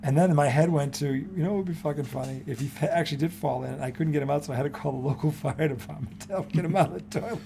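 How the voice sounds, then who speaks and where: A man co-hosting a casual sports talk show, animated and profane, laughing often. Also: a little high, very fast, vocal fry, hardly any pauses, slight background noise.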